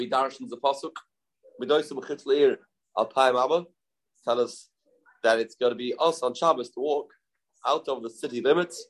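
A man teaching a Talmud lesson, chanting quoted verses in a sing-song and asking and answering his own questions. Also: medium pitch. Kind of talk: Talmud lecture.

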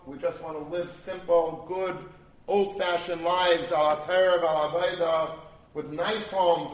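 High-ish voiced guy preaching earnestly, echoey room. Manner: earnest, repetitive exhortation. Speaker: rabbi. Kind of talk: sermon. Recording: echoey room, mic at a distance.

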